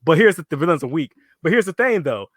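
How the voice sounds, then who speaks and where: A man co-hosting a casual fan podcast, animated, swearing freely and acting out villains' lines. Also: a little high, quick pace, husky, no echo, studio quality. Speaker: podcast co-host.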